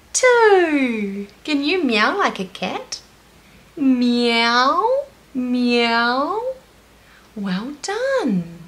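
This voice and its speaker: A woman's voice: on the high side, a bit bright. A woman with a New Zealand accent teaching toddlers in a sing-song, encouraging way, with delighted gasps. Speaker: children's teacher. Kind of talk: slow, animated toddler lesson.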